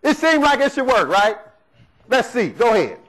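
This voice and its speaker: A man's voice: extremely high pitch, very animated, normal speed, a bit bright, rough recording. A male preacher giving a conversational sermon, often asking "right?" as he teaches. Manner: preaching in a conversational style, asks "right?" again and again.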